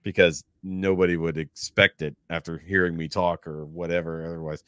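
A man's voice: low-pitched, flat delivery, normal speed, fairly bright tone, clear, resonant tone, no room sound, clean studio sound. A man from Texas hosting a podcast, chatting in an easygoing, rambling way without a regional twang. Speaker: podcast host. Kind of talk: casual chat.

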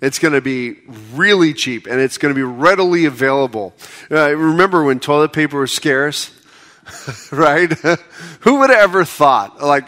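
A middle-aged pastor from the United States preaches conversationally, his joking asides building into impassioned appeals. His voice is on the high side and a bit bright.

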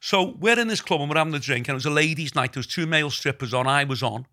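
A man's voice: fairly high pitch, very fast, pushed and bright. A middle-aged Scouse man in casual podcast chat, telling long, rambling stories full of asides. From Liverpool, England. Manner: rambling storyteller with many asides.

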